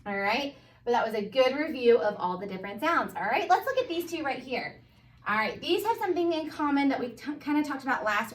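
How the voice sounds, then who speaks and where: A woman with a Southern US accent, teaching a phonics review to first graders in a patient, encouraging way, sounding words out slowly. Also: a little high. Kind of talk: phonics lesson for young children. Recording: echoey room, voice a bit far from mic.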